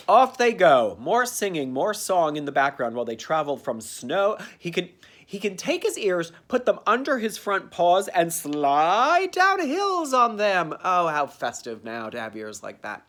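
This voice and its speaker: A man giving a campy, sarcastic comedic recap of a cartoon, dropping into quick character voices. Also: high voice, very animated, a bit bright. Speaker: comedic reviewer.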